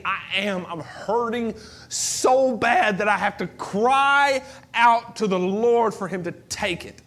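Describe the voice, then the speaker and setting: A male pastor with a notably high voice delivers a passionate sermon at an unhurried pace. He swings from shouted cries to hushed whispers and leans on repetition. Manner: repeats phrases for emphasis.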